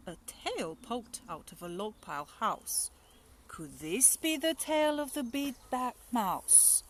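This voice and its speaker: A woman teacher reads a rhyming picture book aloud at a gentle, slow pace. Her voice rises and falls expressively, keeping a steady storytelling rhythm. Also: on the high side, slight background noise.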